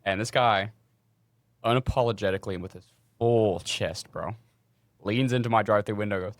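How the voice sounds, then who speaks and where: A young man with a lowish voice, a podcast co-host, tells a work story casually and energetically, swearing freely and acting out the people involved. He speaks at a moderate pace with long pauses, and the sound is close and dry with no room sound.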